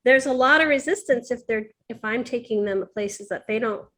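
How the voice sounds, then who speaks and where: Woman, podcast host, fairly high voice, quick affirming speech, casual interview. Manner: warm, affirming, talks in quick bursts.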